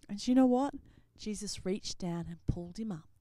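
A woman telling a Bible story to children, very expressive, dropping to whispers and rising to loud exclamations. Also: a little high, fast, no room sound. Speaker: children's ministry presenter. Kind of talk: animated Bible storytelling for kids.

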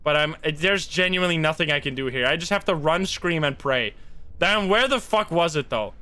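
A man streaming a horror game live, reacting excitably, swearing often and chanting to himself as he plays. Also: a little high, moderate pace, clean tone, no echo. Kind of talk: live gameplay commentary.

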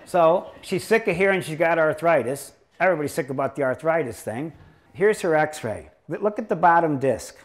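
Joking, rambling doctor lecturing a crowd. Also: male voice, fairly high pitch, lively intonation, moderate pace. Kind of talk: anecdotal lecture to a live audience.

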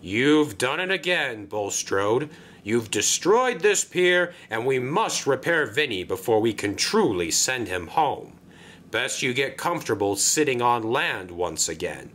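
A man's voice: medium pitch, very animated, a little slow, fairly bright tone. A man doing a stern, scolding railway boss.

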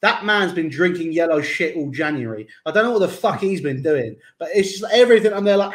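Excitable male football talk host. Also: fairly high pitch, a little fast, hardly any pauses. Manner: excited, stumbling restarts, swearing. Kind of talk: casual football talk show.

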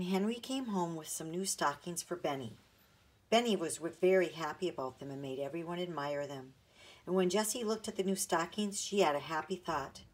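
A woman narrating a children's chapter book in a gentle, read-aloud manner. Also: fairly low pitch. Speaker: audiobook narrator. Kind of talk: storybook narration.

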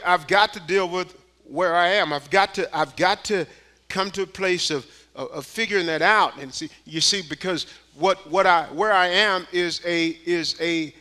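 A man preaching a sermon in church, dropping to a hush and climbing to shouted, repeated rhetorical questions with folksy street phrasing. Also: high-pitched. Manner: preaching with swings from hushed to shouted calls. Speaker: pastor. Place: church sanctuary.

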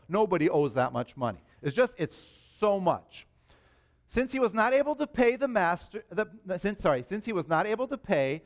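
Animated man preaching a sermon. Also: high-pitched. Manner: animated, emphatic, rising to stress points. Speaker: pastor. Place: church.

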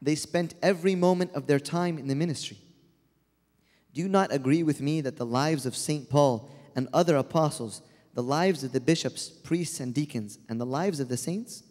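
Gentle consoling angel, read by a man. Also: fairly high pitch, moderate pace, natural voice. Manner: gentle, reasoning explanation. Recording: long hall reverb.

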